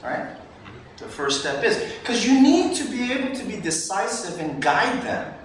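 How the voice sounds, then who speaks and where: A man with a fairly high voice coaches a sales team in lively bursts. He often slips into the lines of customers and sellers. He is recorded from a distance in a very echoey room with faint noise. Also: normal speed. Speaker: sales trainer. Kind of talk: live training talk. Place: training room.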